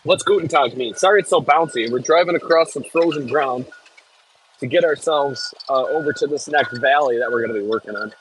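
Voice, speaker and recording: A man's voice: mid-range voice, brisk, slight background noise, low-quality recording. An American man chatting casually on a live stream from the cab of a heavy machine, reading viewer messages aloud and swearing when it jolts. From United States. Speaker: livestreaming equipment operator. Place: cab of a heavy machine bouncing over frozen ground outdoors.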